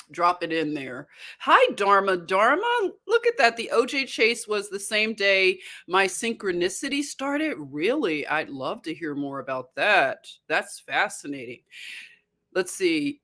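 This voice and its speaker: A woman hosting a casual livestream, chatty and excitable, greeting viewers and reacting to their comments. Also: mid-range voice. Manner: chatty and excitable, often laughing. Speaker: livestream host.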